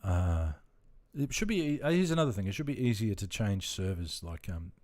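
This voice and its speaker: A relaxed Australian man talks loosely to his live chat while he plays. His voice sits fairly low, and he rambles from one thought to the next with plenty of fillers. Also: normal speed. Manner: rambling, laid-back, chatting with viewers. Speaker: game streamer. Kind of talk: casual live-stream chat.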